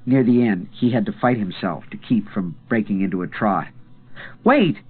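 A man reading a novel aloud in a measured, dramatic narration with slow pauses. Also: on the low side, husky, soft background music. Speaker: audiobook narrator. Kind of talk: scripted narration. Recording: tinny phone-like sound.

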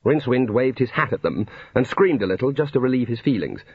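A man's voice: medium pitch, sing-song, brisk, husky, no echo. A man narrating a comic fantasy novel in a dry storytelling manner. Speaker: audiobook narrator. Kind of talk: scripted narration. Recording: dull lo-fi recording.

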